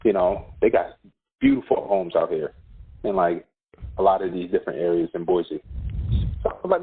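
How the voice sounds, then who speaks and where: A man with a low, husky voice tells stories in a laid-back way and laughs often. He is a school counselor and a guest on a casual podcast. The audio is narrow and phone-like. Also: animated, brisk, pauses often.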